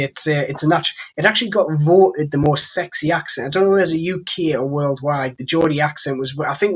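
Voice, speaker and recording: A man's voice: a little high, fairly bright tone, slightly rough. A man from North East England with a Durham accent, hosting a casual live stream from home and rambling along with "like I say". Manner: rambling, chatty, keeps saying "like I say". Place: home, next to his computer.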